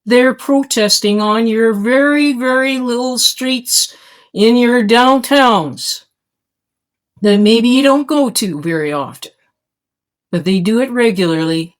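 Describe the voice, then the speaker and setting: A woman's voice: on the high side, takes it slowly. A woman from Canada, hosting a small podcast and delivering an urgent, emphatic monologue that pleads directly with her listeners. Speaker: podcast host. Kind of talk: impassioned monologue.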